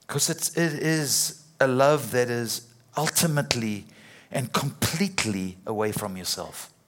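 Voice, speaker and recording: A man's voice: medium pitch, a little slow, fairly bright tone. A middle-aged man preaching a sermon in a conversational way, with repetitions and playful acted-out quotes.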